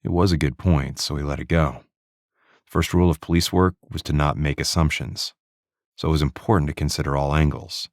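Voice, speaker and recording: A man reading a crime novel audiobook in steady, even scripted narration into a close studio mic. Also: a bass voice, brisk, no echo.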